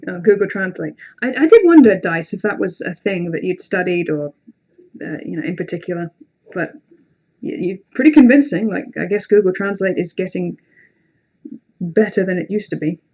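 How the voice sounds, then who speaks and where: Her voice sits fairly low but moves with lively intonation, warm in tone and at a normal speed. She's a young British woman on a livestream, reading horror stories and chatting casually in between, rambling, swearing and running herself down.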